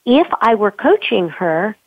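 A woman voice coach being interviewed, talking expressively and sometimes showing pitch changes with her own voice. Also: very animated, measured pace, no room sound, phone-quality sound. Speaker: voice coach guest. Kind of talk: remote interview conversation.

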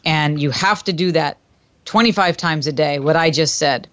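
A woman's voice: low-pitched, normal speed, fairly bright tone, highs cut off. A woman hosting a self-help radio talk show, coaching a listener emphatically and repeating phrases in chant-like sequences. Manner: addresses listener tenderly as "my dear".

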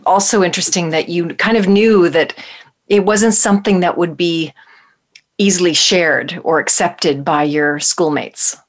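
A woman with a fairly low voice hosting an interview. She asks slow, searching questions, restarts her sentences often and gives short replies while her guest talks. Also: fairly even intonation. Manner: warm listener, short backchannels, halting questions. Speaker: host.

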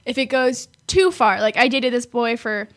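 Give me a giggly young woman chatting casually, with a higher voice. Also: normal speed, fairly bright tone. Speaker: co-host. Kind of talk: casual chat.

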